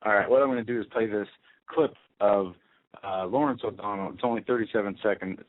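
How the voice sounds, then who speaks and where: A man's voice: lowish voice, a little fast, no echo. A man co-hosting a talk radio show, blunt and teasing. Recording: tinny phone-like internet radio.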